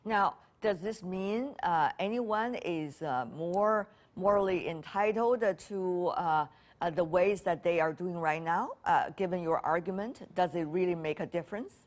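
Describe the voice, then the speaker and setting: Careful woman interviewer, low-pitched. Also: measured pace. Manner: careful, hesitant with fillers. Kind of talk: interview questions.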